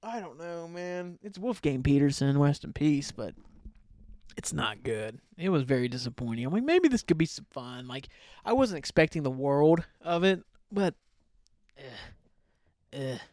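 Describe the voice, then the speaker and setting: A man's voice: on the high side, measured pace, darkish tone, no echo, studio quality. A man hosting a casual solo podcast, rambling loosely, swearing offhand and often trailing off. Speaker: podcast host.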